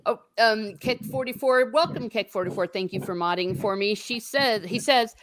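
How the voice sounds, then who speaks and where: A woman's voice: medium pitch, normal speed. A middle-aged woman hosting a casual livestream chat, laughing often and greeting viewers by name. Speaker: host.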